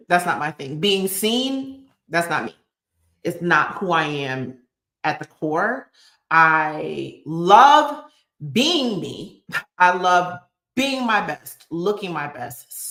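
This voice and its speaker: A woman's voice: low voice, fairly bright tone. A woman hosting her channel's live chat. She talks in an earnest, emotional, motivational way and repeats phrases for emphasis. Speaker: YouTube channel host. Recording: echoey room.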